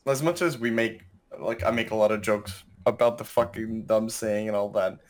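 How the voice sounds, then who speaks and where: A man's voice: on the low side, moderate pace. A man in his thirties on a casual podcast chat, rambling, sarcastic and swearing freely. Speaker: podcast co-host.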